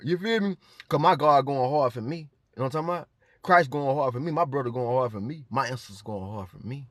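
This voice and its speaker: Man, confrontational spiritual rant, profane, defiant, repetitive check-ins, mid-pitched, dry close sound. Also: fast talker, a bit bright, no room sound. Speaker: vlogger.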